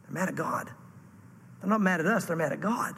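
A man preaching a sermon to a congregation, animated and acting out the voices he quotes. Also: high voice, brisk, creaky, big-room sound, slight background noise. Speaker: pastor.

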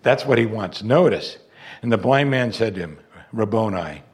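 A man preaching a sermon, moving between loud, raised emphasis and quiet, hushed lines. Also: on the low side, moderate pace. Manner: animated, swings from loud emphasis to soft, hushed delivery.

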